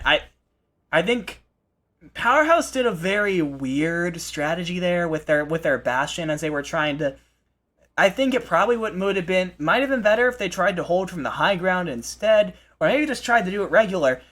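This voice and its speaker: A man hosting a live esports broadcast, commentating with excitable energy and frequent restarts. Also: high-pitched. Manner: excitable, fast restarts and repeated phrases. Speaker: esports play-by-play host.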